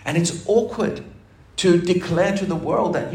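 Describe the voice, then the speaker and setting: A man's voice: high-pitched, sing-song, normal speed, few pauses, darkish tone. Chatty man preaching in church. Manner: chatty, jokey preaching with laughs. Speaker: pastor. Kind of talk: sermon. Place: church hall. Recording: roomy church recording with faint noise.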